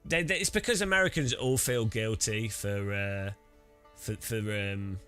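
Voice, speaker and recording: A man's voice: on the low side, very animated, measured pace, sharp tone, smooth, faint music behind. A British man chatting casually while setting up racing gear, rambling with many restarts. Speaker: sim racing streamer.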